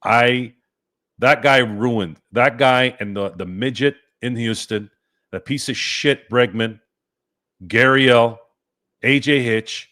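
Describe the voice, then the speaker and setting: A man's voice: on the low side, slow, pushed and bright. A man hosting a live-stream sports chat, ranting and cursing in a fired-up way. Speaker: sports podcast host.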